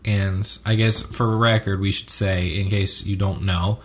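A man's voice: deep voice, little pitch movement, measured pace, slight background noise. A man co-hosting a casual chat about a TV episode, rambling with many ums and self-corrections. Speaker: podcast co-host.

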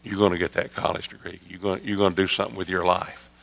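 A man preaching a sermon, telling a story that swings from loud emphatic peaks to soft hushed asides. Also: deep voice, little pitch movement, fast talker, gravelly. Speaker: pastor. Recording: long hall reverb.

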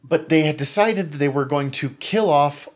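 Fairly high in pitch and moderate in pace, this man co-hosts a podcast. His casual chat is rambling, enthusiastic and opinionated, and he uses lots of fillers.

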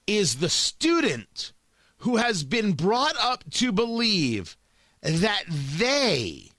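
Animated, bright-voiced male talk host. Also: high voice, no room sound. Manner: emphatic, repeats words when building a point. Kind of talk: opinion monologue.

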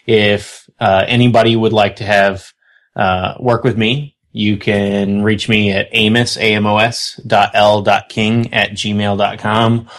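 A man's voice: on the low side, measured pace. A middle-aged man hosting a podcast, chatting casually and telling stories with frequent laughter. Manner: relaxed storyteller, laughs often. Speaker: podcast host. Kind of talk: casual panel chat.

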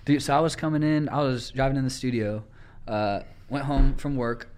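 A young man hosting a podcast, telling casual stories with lively acted-out quotes and casual swearing. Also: mid-range voice, normal speed, clear, resonant tone. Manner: animated storyteller, acts out quotes, swears casually. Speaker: podcast host. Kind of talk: casual storytelling chat.

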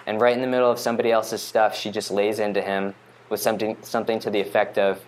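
A man's voice: lowish voice, little pitch movement, fast, slight background noise. Wry man telling a rambling monologue. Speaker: storyteller. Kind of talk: first-person monologue reading.

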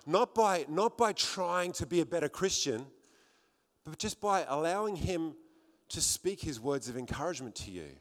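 Australian male preacher, middle-aged, earnest testimony style, slightly high voice, long hall echo. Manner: earnest, conversational, repeats phrases for emphasis. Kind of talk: sermon with personal testimony.

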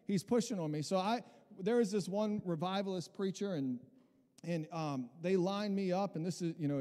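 A man's voice: a little high, mellow, in a large hall. A man preaching a casual, conversational sermon, full of restarts and asides to the congregation. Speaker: pastor.

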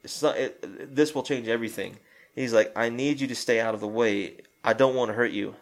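A man's voice: medium pitch, brisk. Rambling, profane man recapping a film. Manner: rambling, profane, retells scenes through quoted lines. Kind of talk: casual chat recapping a film.

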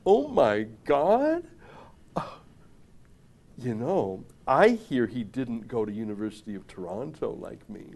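A man's voice: mid-range voice, big pitch swings, slow pace, a little mellow, full character voice. A man voicing a haughty, snobbish elitist with a sniffy, affected lilt.

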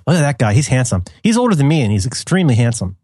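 A man's voice: mid-range voice, big pitch swings, very fast, darkish tone, slightly rough, no echo, studio quality. A middle-aged man chatting casually as a podcast co-host, rambling with many restarts and laughing at his own jokes. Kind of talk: casual chat.

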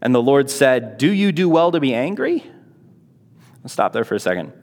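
A man's voice: mid-range voice, big pitch swings, moderate pace, darkish tone. A man giving a casual Bible lesson, reading passages aloud and explaining them in a chatty way with rhetorical questions. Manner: conversational, rhetorical questions, many fillers. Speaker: Bible teacher. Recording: long hall reverb.

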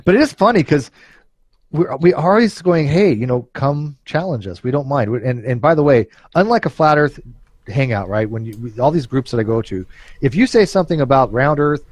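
A man's voice: mid-range voice, animated, fairly quick, no room sound. A man hosting a casual panel chat, rambling and swearing, with frequent restarts. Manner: rambling, profane, restarts often. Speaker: podcast host.

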